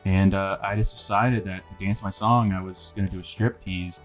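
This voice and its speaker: A man's voice: low voice, steady tone, normal speed, soft background music. A young man co-hosting a podcast, telling a story in a laid-back casual chat. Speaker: podcast co-host.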